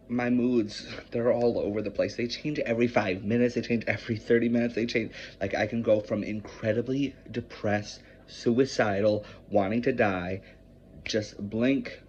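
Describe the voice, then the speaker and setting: A man's voice: lowish voice, a little mellow. A man talking in a personal confessional vlog, emotional and rambling, often swearing. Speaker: vlogger. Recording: muffled with faint hiss.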